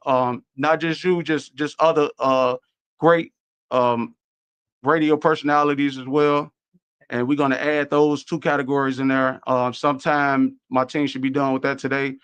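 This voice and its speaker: A man with a Chicago accent talks casually on a radio show. His voice sits a little high. He rambles through his points with many fillers and restarts. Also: fairly bright tone, clean tone, no echo. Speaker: award show organizer.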